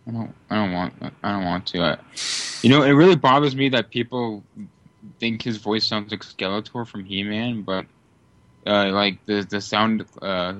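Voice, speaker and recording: A man's voice: fairly low pitch, fairly bright tone, no room sound, lo-fi sound. A man in a casual group chat, opinionated and a bit reluctant.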